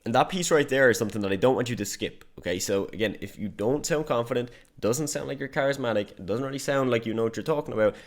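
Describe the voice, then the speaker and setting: Young guy coaching marketing online, low-ish voice, punchy and direct. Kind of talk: online business lesson.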